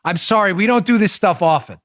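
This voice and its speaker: High, dry-voiced animated male host. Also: brisk, dry recording. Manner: animated and mocking, with big pitch jumps. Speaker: political talk show host. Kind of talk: opinionated commentary.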